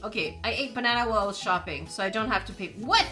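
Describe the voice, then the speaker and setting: A woman's voice: medium pitch, animated, fast, bright, forceful tone, faint music behind. A woman gaming streamer giving casual let's-play commentary, playfully reading game text aloud and reacting to it.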